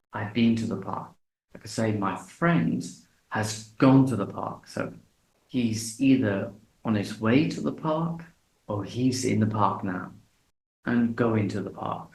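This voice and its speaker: A man teaching an English lesson in a relaxed way, repeating example phrases slowly and deliberately. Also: on the low side, creaky. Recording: echoey room.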